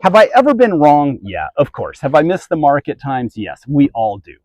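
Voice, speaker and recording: Male realtor host, earnest and emphatic, fairly high voice, dry close recording. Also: huge pitch swings, moderate pace, darkish tone, no room sound, poor audio. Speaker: real estate agent and team leader. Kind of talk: direct-to-camera advice video.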